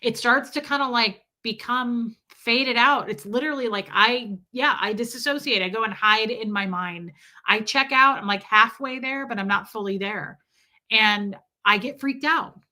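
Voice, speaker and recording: A slightly high, pushed and bright voice belongs to a woman hosting a laid-back livestream. At a moderate pace she reads viewer comments, rambling, trailing off and restarting her sentences.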